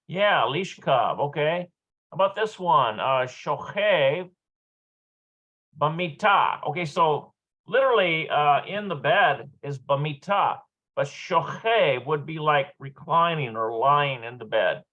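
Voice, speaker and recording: Guy thinking out loud through a vocab lesson, slow and halting, bright voice, muffled lo-fi audio. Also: on the high side. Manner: hesitant, thinking aloud, checking pronunciation. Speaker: Hebrew lesson presenter.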